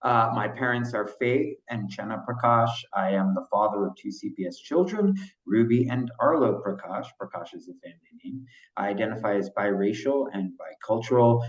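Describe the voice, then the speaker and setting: दूर से आती, गूँजती आवाज़ में एक पुरुष. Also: male voice, on the low side. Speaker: workshop participant, parent. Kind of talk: reading his own chat message aloud. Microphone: video call. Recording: distant, roomy, muffled video-call audio.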